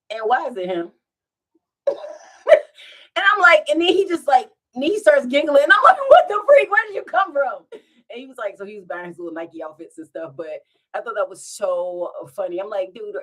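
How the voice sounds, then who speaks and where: A woman's voice: mid-range voice, normal speed. A woman telling funny stories to her live viewers in a casual storytime, giggling and breaking into laughter as she goes. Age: adult with children. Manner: giggly, animated, bursts into laughter.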